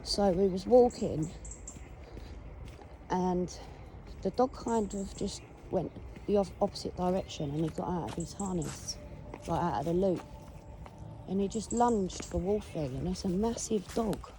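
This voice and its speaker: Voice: medium pitch, measured pace, mellow. A speaker with an English accent chatting casually while walking a dog outdoors, rambling through a story and talking to the dog in between. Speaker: dog owner vlogger. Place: outdoors on a rural walk. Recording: noisy outdoor recording with wind and traffic.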